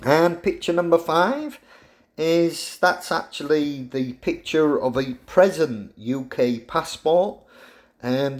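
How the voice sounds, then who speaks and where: Playful professor, unhurried. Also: male voice, a little high. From England. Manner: jokey, animated, teasing. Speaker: university professor. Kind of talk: lecture to students.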